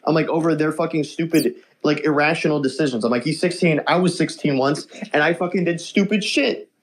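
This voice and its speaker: A man streaming and chatting on a voice call, telling stories in a loose, profane, animated way. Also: fairly high pitch, brisk, slight background noise. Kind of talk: casual chat.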